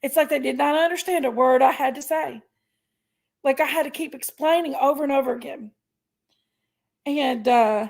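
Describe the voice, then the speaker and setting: High gravelly woman venting. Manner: chatty storytelling, venting, thanks viewers. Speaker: livestream host. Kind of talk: casual livestream chat.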